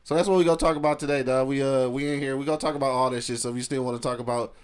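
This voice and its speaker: A man co-hosts a talk podcast and rattles off loose, slangy stories. His pitch sits in the middle, and he talks with a quick, emphatic rush. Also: steady tone, clear, resonant tone. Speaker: podcast co-host. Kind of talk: casual talk radio chat.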